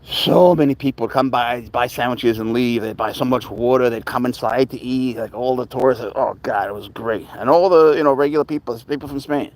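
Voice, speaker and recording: A man's voice: mid-range voice, fairly quick, hardly any pauses. A man hosting a casual live stream with his pet cat. He rambles through stories in a conversational way and breaks into baby talk when he speaks to the cat. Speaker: livestream host and pet owner; teacher.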